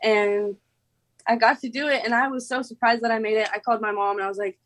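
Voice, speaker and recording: A woman's voice: fairly high pitch, steady tone, fast, a bit bright, no echo. Giggly young woman, filler-heavy chatter. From Oklahoma. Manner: bubbly, giggly, lots of "like" fillers. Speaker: former contestant, guest. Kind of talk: casual interview chat.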